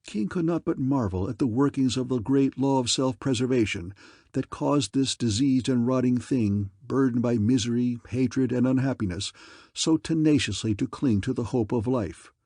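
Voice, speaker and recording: A man narrating an adventure novel as an audiobook in a measured, even way. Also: medium pitch, dry recording, studio quality.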